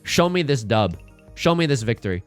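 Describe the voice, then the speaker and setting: A man streaming a live card-and-tile game, commenting in a jokey, animated way with dramatic outbursts. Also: mid-range voice, moderate pace, faint music behind.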